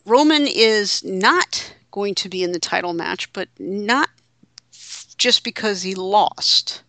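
A woman's voice: medium pitch, takes it slowly, pushed and bright, dry recording. A woman co-hosting a casual wrestling podcast, wry and teasing. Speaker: podcast co-host.

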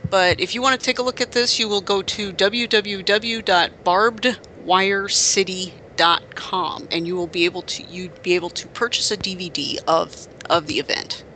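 Talking at normal speed with hardly any pauses, a man co-hosts a casual podcast in a high, pushed, bright voice of fairly even intonation, with a little hiss or hum. He's a rambling storyteller whose casual chat is full of restarts, fillers and self-corrections.

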